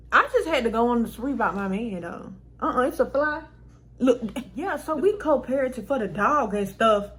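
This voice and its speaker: A woman's voice: sits high, pushed and bright, breathy edge, poor audio. A woman vlogger telling a personal story in casual storytime style, frank and exasperated, swearing freely and laughing between lines.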